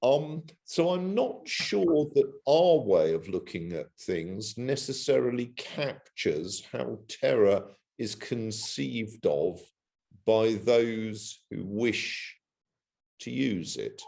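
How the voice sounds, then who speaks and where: A man speaking as a webinar panelist in an academic discussion, slow and deliberate, talking over a video call. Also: lowish voice, expressive, gravelly, darkish tone.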